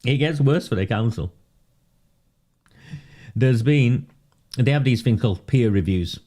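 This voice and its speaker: A man's voice: mid-range voice, lively intonation, a little slow, warm tone. A man doing casual live commentary on local politics for his viewers. He talks in a sarcastic, mocking way and often breaks into laughter.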